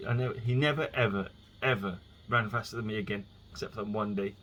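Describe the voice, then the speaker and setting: In this solo vlog, a man with a fairly low, sharp-toned voice spins chatty stories, often backing up to restart a sentence. His delivery is a little fast with fairly even intonation, and the dull audio carries a faint hiss underneath.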